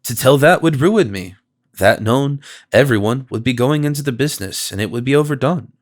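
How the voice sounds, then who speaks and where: A man voicing a smooth, persuasive confidence man. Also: mid-range voice, normal speed, natural voice. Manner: gentle, persuasive and flattering. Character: smooth, solicitous male stranger, a confidence man.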